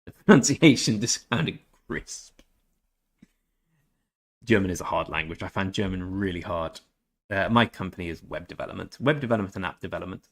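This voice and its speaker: This deep-voiced, animated man is streaming a game and chatting easily with his viewers. He reads their messages out, replies, and stumbles through bits of German.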